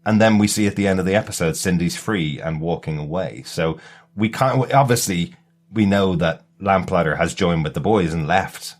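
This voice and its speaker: A man's voice: deep voice, normal speed. A man hosting a podcast in casual chat, rambling along with lots of fillers and restarts. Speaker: podcast host.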